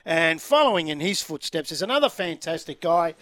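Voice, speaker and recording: A man's voice: on the high side, very animated, sharp tone. A middle-aged Australian man hosting a casual radio sports interview from a football ground, enthusiastic and matey. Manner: enthusiastic, matey, drawn-out delivery. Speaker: radio sports show host. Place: outdoor broadcast at a football ground.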